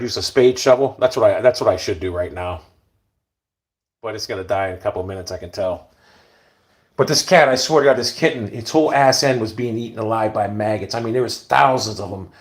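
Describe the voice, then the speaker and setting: A middle-aged man talking in a casual, rambling monologue, blunt and full of swearing, often sinking to a low mutter. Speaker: vlogger.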